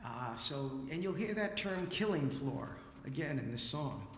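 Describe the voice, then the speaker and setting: A man telling a story on stage at a library event, lively and casual, acting out the dialogue. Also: a little high, unhurried, over loud music. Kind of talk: animated live storytelling. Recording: roomy hall with long reverb.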